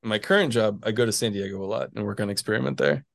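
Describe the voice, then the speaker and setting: A man's voice: lowish voice, fast, gravelly, dry recording, studio quality. A man in his twenties, a physics PhD student, chatting casually as an interview guest, rambling with lots of fillers and little chuckles. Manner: rambling, chuckles between phrases, many fillers.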